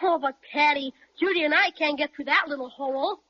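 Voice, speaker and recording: A woman playing an eager, excitable young boy who talks boldly and exclaims often. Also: high-pitched, brisk, natural voice. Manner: bold, exclaiming, bright. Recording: muffled 1930s radio recording.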